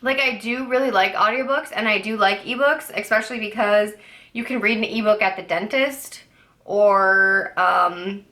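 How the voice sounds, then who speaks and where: A young woman with a bright, forward voice talks casually to her camera about books. She rambles, fills her sentences with "like" and "I don't know", and drops playfully sassy asides along the way. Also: mid-range voice, normal speed. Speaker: book vlogger. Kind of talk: casual chat.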